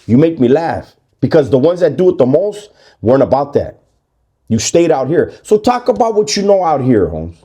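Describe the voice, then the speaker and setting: A man's voice: on the high side, warm tone, slightly rough. A middle-aged man, talking bluntly and confrontationally in a casual monologue. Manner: blunt, confrontational street talk. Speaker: commentator.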